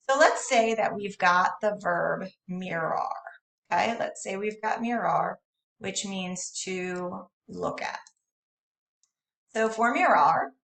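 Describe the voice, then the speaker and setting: Slow, gravelly woman teacher, echoey room. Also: medium pitch, a bit bright. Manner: patient, explanatory, apologetic asides. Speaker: Spanish teacher. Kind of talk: recorded home lesson. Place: at home. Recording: roomy, distant, echoey room.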